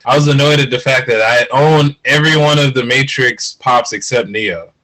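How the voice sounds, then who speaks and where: A man's voice: mid-range voice, normal speed, bright, forceful tone, poor audio. A man co-hosting a casual podcast over a video call, laughing a lot and trading playful jokes. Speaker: podcast co-host. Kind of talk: casual chat.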